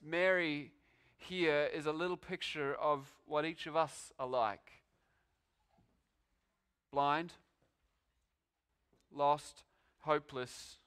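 A male preacher delivers a sermon with a bright, forceful voice set somewhat high. He leans hard on key phrases, then drops to a hushed, slowed hush to draw listeners in. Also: clean tone. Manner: emphatic, swings from loud declarations to hushed pauses.

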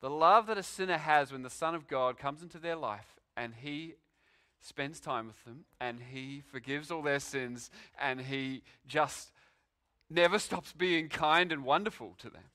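A male preacher delivers a sermon with a bright, forceful voice set somewhat high. He leans hard on key phrases, then drops to a hushed, slowed hush to draw listeners in. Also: clear, resonant tone. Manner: emphatic, swings from loud declarations to hushed pauses.

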